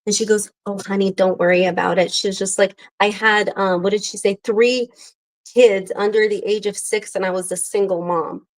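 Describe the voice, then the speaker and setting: Young woman, chatty co-host, animated storyteller who acts out dialogue. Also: medium pitch, moderate pace, low-quality recording. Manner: animated storyteller acting out quotes. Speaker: podcast co-host. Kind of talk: casual chat.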